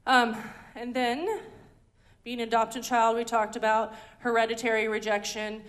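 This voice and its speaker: A woman's voice: on the high side, steady tone, normal speed. A woman giving a conversational teaching talk at a ministry school, chatty and full of ums and restarts. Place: indoor teaching hall.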